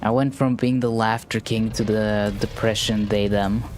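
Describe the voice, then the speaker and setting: Low, monotone male streamer. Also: slight background noise. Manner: monotone, slow and rambling with restarts. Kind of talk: casual live-stream chat while gaming.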